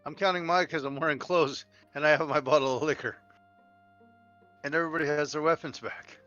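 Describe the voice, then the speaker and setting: Guy player in a tabletop game, super bright voice, cusses a lot, kinda muffled mic. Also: fairly high pitch, steady tone, a little fast, soft background music. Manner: emphatic, swears freely. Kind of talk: casual tabletop game banter.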